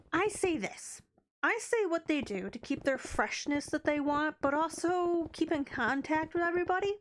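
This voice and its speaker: A woman's voice: high voice, slight background noise. A woman live streamer chatting casually and rambling as she plays a game, often breaking off mid-sentence. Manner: rambling, chatty, self-interrupting. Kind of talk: casual chat while playing a game.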